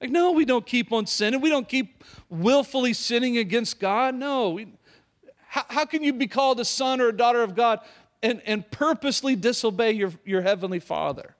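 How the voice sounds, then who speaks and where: A man's voice: extremely high pitch, moderate pace. A middle-aged male pastor preaching a sermon, emphatic, repeating key phrases and putting questions to the congregation.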